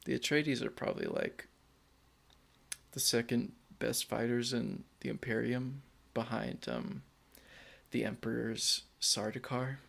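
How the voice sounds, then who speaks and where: A man's voice: mid-range voice, sing-song, a little slow, creaky, a bit bright. A man co-hosting a casual movie-review podcast, giggling often as he eagerly explains the lore. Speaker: podcast co-host.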